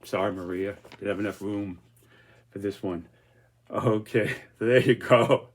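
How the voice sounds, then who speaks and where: A man's voice: lowish voice, unhurried. A man presenting his own political cartoons in casual, rambling commentary, full of restarts and fillers.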